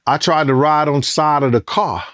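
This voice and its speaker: A man with a somewhat high voice tells a story in an interview. His retelling is animated and profane, and he acts out other people's lines as he goes. The sound is dry and close, with no room around it. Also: moderate pace, no echo. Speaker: former bodyguard.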